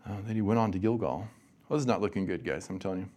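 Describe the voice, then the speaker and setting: A man's voice: sits low, very fast, dark tone. A man giving a college chapel sermon, casual and joking with the audience. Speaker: guest chapel speaker.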